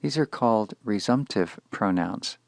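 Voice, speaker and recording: Man, low voice, gravelly, measured lecture, careful explanation, dry close sound. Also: animated, no room sound. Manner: measured and explanatory, slowing to spell out Hebrew words. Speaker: Hebrew grammar teacher. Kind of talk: scripted lecture.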